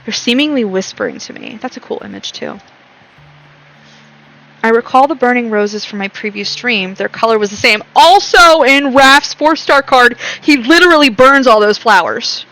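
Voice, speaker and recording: A woman's voice: on the high side, expressive, moderate pace, fairly bright tone, rough recording. A young woman streaming a game, reading its text aloud and breaking off into chatty, rambling commentary with frequent laughs.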